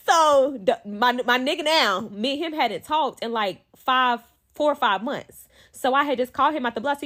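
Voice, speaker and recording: A woman with a high, bright-sounding voice rolls through a personal story in a casual storytime. She tells it with animated, profane drama and swears freely. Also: normal speed.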